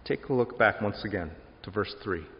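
A man preaches a relaxed, conversational sermon, reading scripture and weaving in stories about his family. His voice sits fairly low, and it carries the long reverb of a large hall through muffled, dull audio. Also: moderate pace, slight background noise. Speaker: pastor.

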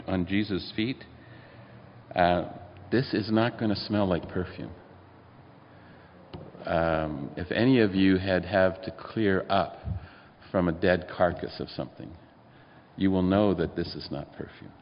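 A deep-voiced pastor delivers his sermon conversationally, asking questions of the congregation. The dull lo-fi recording carries a little hiss or hum and long hall reverb.

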